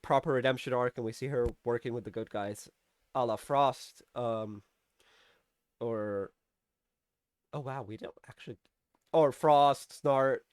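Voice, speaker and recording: A man's voice: medium pitch, clean tone, dry recording, clean studio sound. A man giving a casual, rambling review of a TV episode. He uses lots of fillers and restarts and acts out the characters' lines as he recaps.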